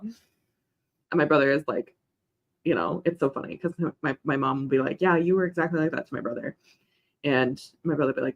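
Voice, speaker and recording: A woman's voice: deep voice, fairly quick, long pauses, muffled recording. Chatty young woman streaming at her desk. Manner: chatty and rambling, reads chat aloud, coos at her dog. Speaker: writing livestream host. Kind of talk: casual chat during a co-working stream.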